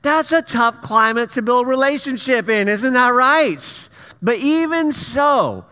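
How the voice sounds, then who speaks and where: Male pastor, higher voice, conversational storyteller, church hall reverb. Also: lively intonation, slow pace, bright, forceful tone, smooth. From US Pacific Northwest. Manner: conversational storytelling with self-deprecating humor. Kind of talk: sermon. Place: church sanctuary.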